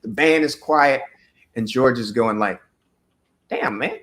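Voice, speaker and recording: Bright-voiced man telling a rambling story. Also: mid-range voice, a little slow. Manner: loose, rambling storyteller with many fillers. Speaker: musician guest. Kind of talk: casual storytelling interview.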